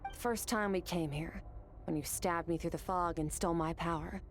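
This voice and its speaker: A woman voicing a calm, earnest young woman in a game, speaking softly, heard as game audio under a livestream. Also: fairly low pitch, moderate pace, soft background music, close to an everyday voice.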